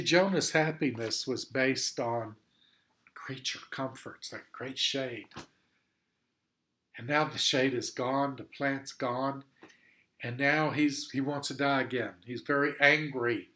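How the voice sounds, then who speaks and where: A man's voice: medium pitch, slow pace, pushed and bright. An earnest man teaches a Sunday school Bible lesson. He explains the passage step by step and repeats his points for emphasis.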